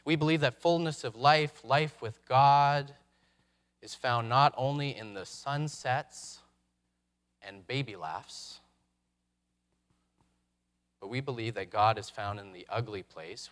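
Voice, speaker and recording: A man preaching a sermon, reflective, posing rhetorical questions with dramatic pauses. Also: mid-range voice, fairly bright tone. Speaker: pastor.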